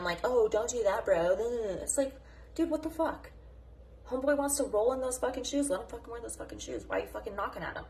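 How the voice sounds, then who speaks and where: A woman's voice: on the high side, creaky, slight background noise. A woman delivering a passionate, unscripted morning rant as a mom vlogger. She is blunt, combative and full of swearing, and she jumps from topic to topic.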